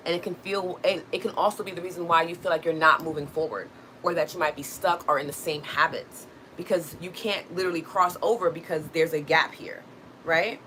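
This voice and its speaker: A young woman with a low but bright, clear voice hosts a spiritual wellness livestream. She talks gently and reflectively and answers her viewers' comments as they come in. A faint hiss sits under her voice. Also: a little fast, rough recording. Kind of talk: casual spiritual talk to a live audience.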